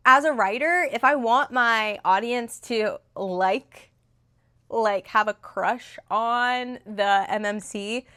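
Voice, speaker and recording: Recorded on a phone, this book reviewer's voice is on the high side, pushed and bright. The young woman rambles casually through a novel's plot, stumbling over fillers and starting sentences again.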